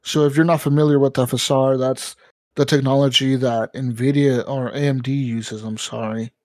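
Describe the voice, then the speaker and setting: A man's voice: medium pitch, moderate pace, no echo. A man co-hosting a gaming podcast, swearing freely and telling stories with lots of energy. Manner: profane, animated storytelling. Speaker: podcast co-host. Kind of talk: casual gaming podcast chat.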